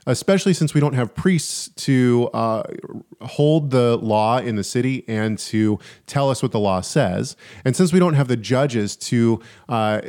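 A man's voice: mid-range voice, a little mellow. A man co-hosting a podcast, earnestly explaining his views at length in a casual religious discussion. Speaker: podcast co-host.

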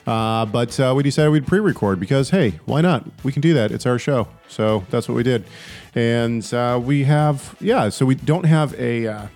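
A man's voice: medium pitch, animated, moderate pace, darkish tone, faint music behind. A man co-hosting a faith podcast, chatting casually and telling stories with lots of fillers and restarts. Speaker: podcast co-host.

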